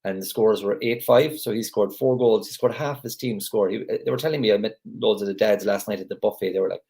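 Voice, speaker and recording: Gravelly low-voiced man on a video call. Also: fast talker, a little mellow. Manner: rambling and chatty with frequent restarts. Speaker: gratitude group leader. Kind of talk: casual talk on a live video call.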